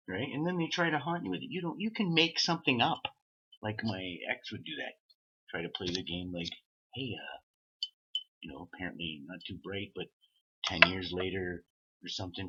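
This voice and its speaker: A man's voice: fairly low pitch, big pitch swings, fairly quick, pushed and bright, slightly rough. A man talking in a rambling, profane monologue from Canada, acting out the voices of people he quotes. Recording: dull lo-fi sound.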